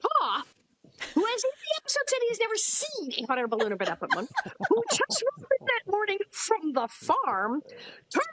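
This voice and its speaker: A woman co-hosting a podcast, recapping in a casual, sarcastic, animated way and acting out lines. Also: very high-pitched, moderate pace. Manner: animated, sarcastic, acts out quotes. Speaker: podcast co-host.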